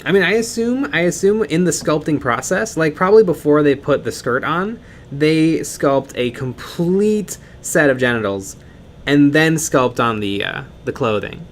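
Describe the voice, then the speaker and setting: A man's voice: on the high side, expressive, unhurried, slight background noise. A man co-hosting a casual miniature-painting stream, joking and rambling as he reads chat comments. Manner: rambling, joking, with fillers and restarts.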